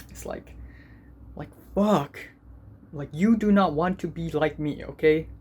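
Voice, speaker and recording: A man's voice: on the high side, slow, a little mellow, slight background noise. A teenage boy vlogging as a student, venting in an angry, profane and self-deprecating way. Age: teens. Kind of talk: ranting vlog.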